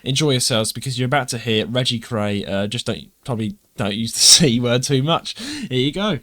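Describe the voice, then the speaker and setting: A man with an East London accent hosting a casual podcast. His pitch swings widely as he jokes and laughs with his co-hosts. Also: moderate pace. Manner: animated, jokey, laughs often. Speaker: podcast host.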